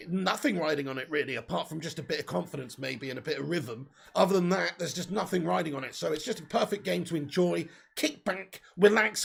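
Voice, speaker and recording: Man, sore throat, raspy, excitable watch-along host. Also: sits high. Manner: excitable, swears, bursts into cheers. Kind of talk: live watch-along chat reading comments.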